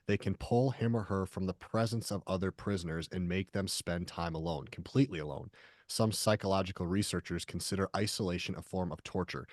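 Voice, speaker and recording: A man's voice: sits low, no echo, studio quality. A man hosting a podcast interview, asking questions and reading passages from a book aloud. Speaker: podcast host.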